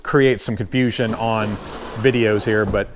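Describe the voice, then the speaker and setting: A man's voice: fairly low pitch, a little slow, slight background noise. Laid-back Southern man explaining kayaks. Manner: relaxed, folksy, loose with fillers. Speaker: kayak channel host and retailer. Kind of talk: casual instructional explainer.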